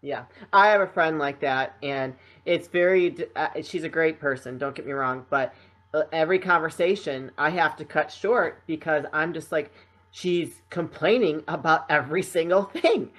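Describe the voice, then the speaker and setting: A podcast host chatting casually, lively and quick to agree. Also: medium pitch. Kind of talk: casual interview chat.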